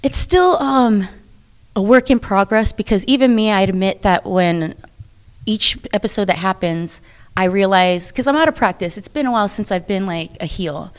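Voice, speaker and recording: Chatty woman wrestler, animated and laughing. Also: medium pitch, normal speed. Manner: chatty, animated, laughs often, many restarts. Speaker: professional wrestler. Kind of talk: interview conversation.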